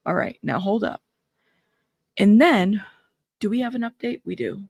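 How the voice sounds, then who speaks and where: A woman with a gravelly, creaky edge to her voice hosts a live news stream, reading court updates aloud. She breaks in with startled asides between the quotes. The sound is close and dry, with no room around it. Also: mid-range voice, measured pace, a little mellow, no echo.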